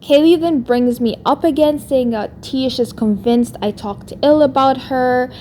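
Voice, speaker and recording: A woman's voice: high-pitched, measured pace, warm tone, a little hiss or hum. Exasperated woman with a non-American accent. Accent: non-American English accent. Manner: exasperated, heavy use of "like". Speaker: YouTuber responding to another creator. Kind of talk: vlog rant.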